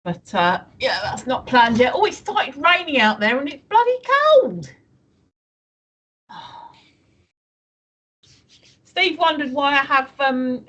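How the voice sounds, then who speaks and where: High, bright, giggly woman chatting on stream. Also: breathy edge. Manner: giggly, chatty, reads out chat messages. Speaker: streamer co-host. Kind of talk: casual live-stream chat.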